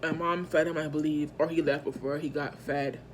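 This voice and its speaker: A woman vlogger telling a personal story in casual storytime style, animated and slangy, with emphatic asides to her viewers. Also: sits low, moderate pace, a little hiss or hum.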